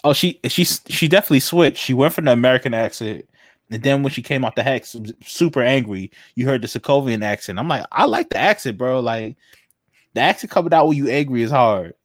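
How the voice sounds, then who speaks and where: A man's voice: medium pitch, brisk, no room sound, clean studio sound. A man co-hosting a casual podcast chat, laid-back and playful. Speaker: podcast co-host.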